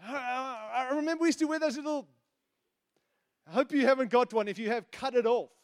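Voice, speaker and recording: A middle-aged man preaching a sermon, animated and teasing, moving between loud emphasis and hushed asides. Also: extremely high pitch, fairly quick. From outside the United States.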